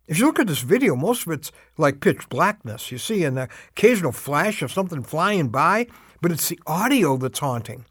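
An older man giving a short, earnest radio devotional, slowing to drive home urgent appeals. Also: a little high, sing-song, a bit bright, breathy edge, dry recording, studio quality.

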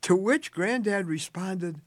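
Older male radio devotional speaker, animated storyteller, bright high voice, dead-dry studio sound. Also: takes it slowly, no echo. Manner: earnest storytelling, tender and emphatic. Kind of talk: short radio devotional talk.

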